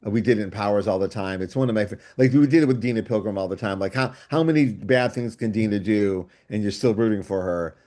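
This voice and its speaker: A writer on a book club show speaks quickly in a lowish voice, with hardly any pauses, over a video call. Casual and enthusiastic, he thinks out loud in long, rambling digressions.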